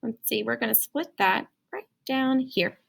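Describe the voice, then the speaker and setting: A woman teacher giving a playful, animated phonics lesson to young children. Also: a little high, a little slow, creaky.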